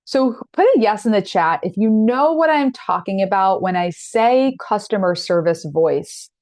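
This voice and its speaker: This medium-pitched woman in her thirties talks a little slowly while running an online masterclass, and there's no echo in the audio. Her style is earnest, straightforward and supportive, punctuated by animated quotes.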